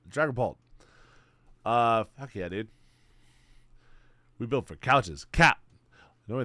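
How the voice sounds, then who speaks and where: A man's voice: on the low side, a bit bright, no echo. Slangy, rambling young streamer guy. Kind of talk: casual chat.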